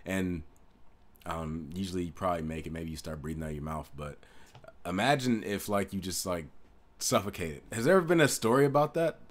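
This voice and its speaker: A man's voice: low-pitched, fairly quick. A man hosting a reaction video, rambling casually and laughing often.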